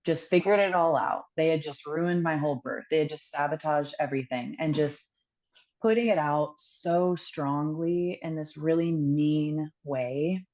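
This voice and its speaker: A woman with a strikingly low, slightly mellow voice appears as a podcast guest, sharing a candid story from her own life. She comes across as earnest and reflective, pausing frequently and filling the silences with ums, all captured on a dull, lo-fi recording.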